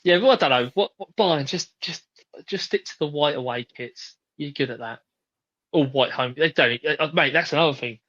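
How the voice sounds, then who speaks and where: A man's voice: fairly high pitch, moderate pace, a bit bright, no echo. A laid-back man chatting as a podcast host, swearing freely and wandering through his sentences. His voice sits in a middle register, recorded dry and a little dull. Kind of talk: casual chat.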